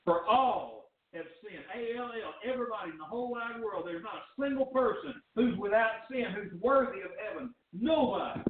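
A man preaching a fervent sermon as pastor, with rising shouts and drawn-out phrases. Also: very high-pitched, noisy background. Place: church sanctuary. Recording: distant, echoey, phone-like church recording.

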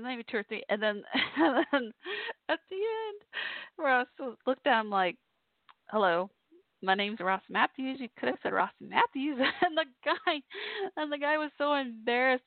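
A woman podcast host tells her listeners a personal story in a chatty, casual monologue, laughing often. Her voice is on the high side, and the sound is tinny and phone-like, dry with no echo.

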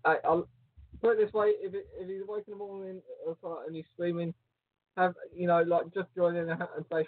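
A man co-hosting a casual chat show, teasing and joking in an animated way. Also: high-pitched, fairly quick, dry recording. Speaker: podcast co-host. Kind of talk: casual banter. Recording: phone-like lo-fi line.

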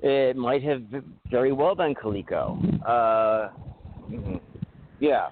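A man's voice: mid-range voice, animated, slow. A man co-hosting a podcast, telling rambling, profane stories in casual chat. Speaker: podcast co-host. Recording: tinny phone-like audio with faint noise.

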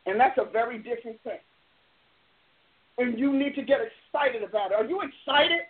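A woman's voice: fairly high pitch, normal speed. A woman preacher and show host giving a live broadcast sermon, fervent and emphatic, driving her points home with repeated declarations. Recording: tinny phone-like audio.

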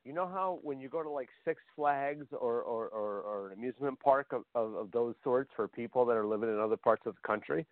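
A man's voice: mid-range voice, a little fast, few pauses, dry recording. A man co-hosting a talk show, chatting casually and bluntly with lots of swearing. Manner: blunt and profane. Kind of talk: casual chat. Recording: tinny phone line.

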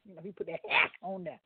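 A man's voice: high-pitched, noisy background. A man giving a folksy radio sermon as a guest preacher, stumbling over words now and then and talking straight to his listeners. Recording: phone-line audio, dry.

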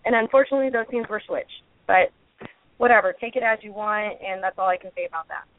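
A woman's voice: mid-range voice, fast, no echo. Woman guest calling in to a radio show, candid and defensive, talking in long restarting runs over a thin phone line. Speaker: reality show cast member, guest. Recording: tinny phone line, dry.

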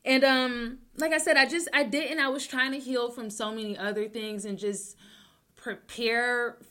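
A young adult woman hosting her own talk show, rambling with many restarts, joking to deflect, swinging between loud bursts and soft mumbles. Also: on the high side, steady tone, unhurried. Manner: rambling, self-interrupting, jokes to deflect. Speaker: podcast host. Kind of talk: casual personal talk show.

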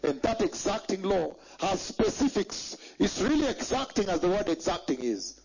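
High-voiced man preaching, dull lo-fi recording. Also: very animated, moderate pace, a little mellow, slightly rough. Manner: emphatic, repeats phrases and asks the congregation for agreement. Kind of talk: sermon.

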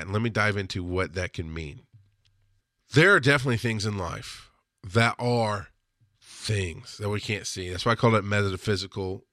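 Bright, laughing man chatting on his show. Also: on the low side, no echo, studio quality. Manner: laughs often, rambling and self-correcting. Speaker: podcast host. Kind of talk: casual livestream monologue.

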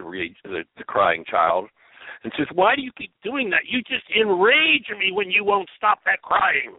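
Male radio host, gravelly, lively delivery, tinny phone line. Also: medium pitch, no room sound. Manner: lively, acts out other people's voices in quotes. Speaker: radio show host and healing teacher. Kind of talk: teaching talk on a call-in radio show.

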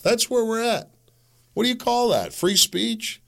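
A man's voice: sits high, fairly quick, gravelly. A man hosting his own podcast, ranting through solo political commentary and acting out the people he quotes. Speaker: podcast host.

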